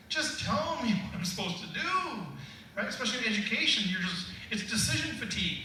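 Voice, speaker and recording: A man's voice: high voice, bright, forceful tone. A middle-aged man giving a motivational keynote, conversational and humorous. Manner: conversational, humorous, laughs with the audience. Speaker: keynote speaker. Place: large hall at a school staff gathering. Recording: echoey hall, distant mic, faint hum.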